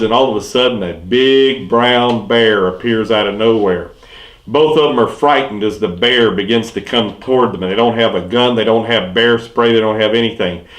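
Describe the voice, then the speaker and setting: A man, a pastor with a Southern US accent, telling clean jokes and puns and dropping each punchline low and quiet. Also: normal speed. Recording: echoey room.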